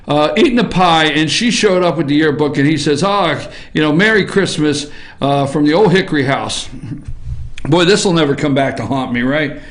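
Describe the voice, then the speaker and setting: A man hosting an opinionated morning talk show, sarcastic and animated, often rising into shouts. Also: high-pitched. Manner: animated, sarcastic, breaks into shouts and mock voices.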